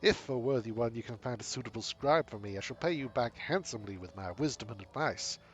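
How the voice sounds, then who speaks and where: A man's voice: medium pitch, expressive, a little fast, lightly acted. A man voicing a grand, mystical woman wanderer from far away, with a flowery, theatrical drawl, in a game. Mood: grandiose.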